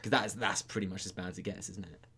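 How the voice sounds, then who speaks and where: A man's voice: low voice, fairly even intonation, quick pace, pushed and bright, breathy edge. A young man from Britain, co-hosting a casual chat, rambling and self-mocking with lots of fillers. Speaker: YouTube co-host.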